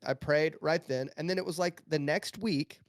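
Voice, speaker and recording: A man's voice: fairly high pitch, normal speed, no echo, clean studio sound. A man telling stories as a guest on a casual podcast, with many restarts. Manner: storytelling, animated, many restarts.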